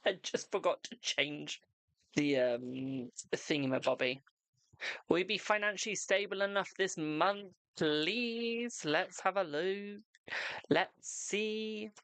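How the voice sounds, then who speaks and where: A man's voice: high voice, slow, a bit bright, smooth, no room sound. A man hosting a live tarot reading stream, chatting casually with viewers and calling them darling and boo.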